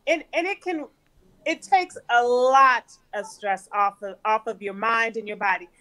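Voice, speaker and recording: A woman physician on a live panel, giving relaxed, encouraging advice on exercise. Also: fairly high pitch, unhurried. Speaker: physician guest.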